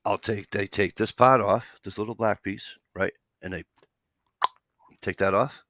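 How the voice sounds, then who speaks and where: A man with a low voice and a gravelly fry chats casually on a podcast. He rambles, retells both sides of a conversation and swears casually. The sound is dry and close. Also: steady tone, measured pace, fairly bright tone, no room sound. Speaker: podcast co-host. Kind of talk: casual chat, storytelling.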